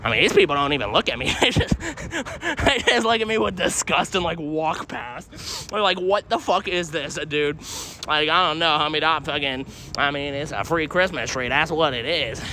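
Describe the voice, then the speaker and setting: A young man streaming live from a city street, his voice high and piercingly bright. He rambles and swears nonstop, calling out to strangers. Faint traffic hums behind him. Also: animated, moderate pace. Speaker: livestreamer.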